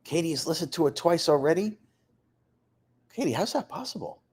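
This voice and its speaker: A man's voice: on the high side, moderate pace, slightly rough. A man hosting a live stream, chatting casually and reading viewer comments aloud, laughing often. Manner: lively, reads off places and names, laughs often.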